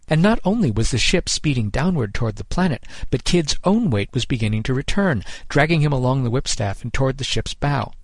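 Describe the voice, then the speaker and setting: A man giving measured, scripted narration of a short story, close on the mic. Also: medium pitch, animated, no room sound.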